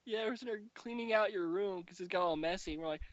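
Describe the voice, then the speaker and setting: A young man hosting a casual podcast, telling profane, animated stories about friends. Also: high voice, quick pace, dry recording, highs cut off. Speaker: podcast host. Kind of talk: casual chat.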